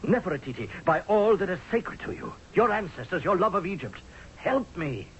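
A man's voice: high-pitched, big pitch swings, normal speed, slight background noise. An actor playing a blunt, sarcastic male army general in a 1970s radio drama. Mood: pleading. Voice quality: sarcastic, forceful. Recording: dull lo-fi radio recording.

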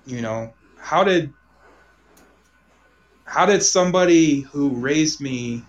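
A man's voice: a little high, slow pace, soft background music, poor audio. Rambling man telling a personal story. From Omaha. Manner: rambling, restarts sentences, trails off softly. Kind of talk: casual conversational storytelling.

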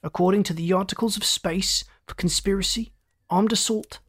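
A man's voice: high-pitched, steady tone, normal speed, a bit bright, slightly rough, pitched above the performer's own voice. A reader voicing a stern male ship captain issuing official orders in a storybook reading.

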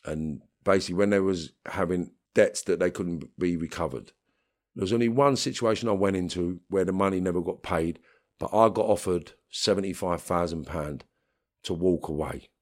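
With a deep, darkish voice at a normal speed, this middle-aged man from London tells his stories bluntly during an interview. He swears, speaks in a streetwise way, and performs the voices of those he quotes.

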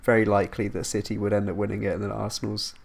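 A young man hosts a casual football podcast, his voice low and gravelly with a fair bit of fry. He rambles, breaks off mid-thought and laughs at his own tangents. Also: level tone, racing. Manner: rambling, self-interrupting, laughs at himself. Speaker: podcast host.

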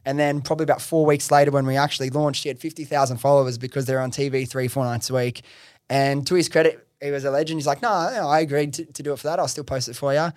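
A young man, a podcast host taking the guest seat, tells his business story in a lively, slangy way with frequent swearing and fillers. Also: medium pitch, no echo, clean studio sound. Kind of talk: casual interview storytelling.

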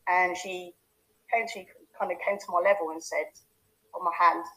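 A woman in her thirties from London shares her own story as a coach. She speaks candidly and conversationally in a slightly low voice. She keeps checking in with the listener as she talks. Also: fairly even intonation, normal speed, fairly bright tone, rough recording. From London, England. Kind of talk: personal life story to camera.

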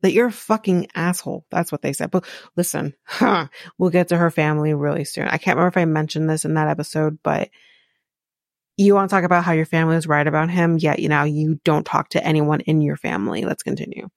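A woman hosts a podcast recapping a reality show, blunt, sarcastic, and heavy on swearing, laughing often as she goes. Her low voice is steady in tone with vocal fry, and she talks quickly. The recording is dry and studio-clean.

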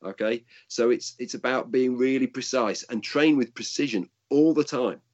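A man's voice: medium pitch, moderate pace, a little mellow, highs cut off. An older man and martial arts instructor answering interview questions in a casual, rambling way with frequent restarts.

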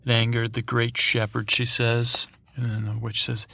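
A man's voice: medium pitch, monotone, moderate pace, creaky, few pauses, bright, forceful tone, dry recording. A man hosting a sleep podcast, recapping in a meandering, digressive way full of fillers and restarts. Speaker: podcast host.

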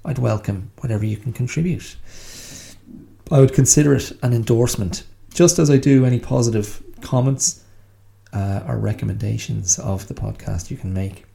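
A man's voice: medium pitch, moderate pace, gravelly, warm tone. A man hosting his own solo podcast, talking in a wry, self-mocking, chatty way. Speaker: podcast host.

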